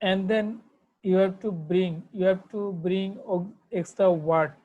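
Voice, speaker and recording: A woman's voice: medium pitch, steady tone, slow, narrow, tinny audio. A woman with a Bangladeshi accent, giving an online English grammar lesson, who repeats herself and spells words out letter by letter. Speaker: English teacher.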